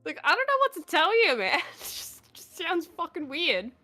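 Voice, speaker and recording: A woman chatting casually on a livestream, blunt and quick to swear, laughing between remarks. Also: extremely high pitch, wildly swooping pitch, sharp tone, faint music behind. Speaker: stream guest.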